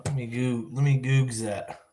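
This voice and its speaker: A man hosts a casual livestream and talks at an ordinary, middle pitch. He rambles and thinks out loud, often restarting his sentences and correcting himself as he goes. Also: fairly even intonation, measured pace, slight background noise. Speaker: livestream vlog host. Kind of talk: casual live-stream chat.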